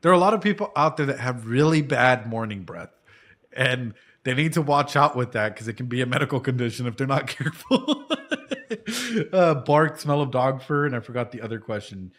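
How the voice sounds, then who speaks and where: A man's voice: mid-range voice, lively intonation, fairly quick, a bit bright. A man in his thirties chatting casually as a reaction streamer and martial arts coach, rambling through a long story full of "dude" and "right?" and the odd swear word. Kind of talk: casual chat reacting to anime.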